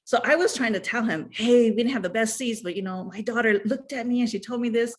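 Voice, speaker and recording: A woman in her thirties or forties telling a personal story in a chatty, animated way, full of fillers and asides. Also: on the high side, fairly quick. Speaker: guest sharing fan memories. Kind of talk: casual storytelling chat.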